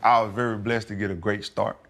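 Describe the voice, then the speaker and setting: Laid-back young man, low voice. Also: fairly quick, creaky. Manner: relaxed, candid, drawling slang with frequent "you know". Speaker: football player guest. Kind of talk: casual interview talk.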